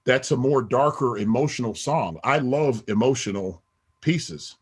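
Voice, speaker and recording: A middle-aged podcast guest rambles casually through an interview, sprinkling in plenty of "you know what I mean" asides. His mid-range voice is husky and measured in pace.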